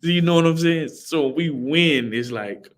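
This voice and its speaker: A young college football player hosts a livestream, chatting casually and reading viewer comments, answering people by name. His voice sits a little high and moves at a moderate pace.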